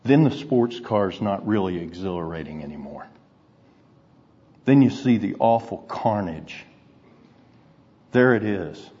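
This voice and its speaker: A man preaching a sermon, telling stories earnestly and deliberately and dropping to hushed, grave tones. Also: fairly low pitch, expressive, breathy edge. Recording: dull recording in a reverberant hall.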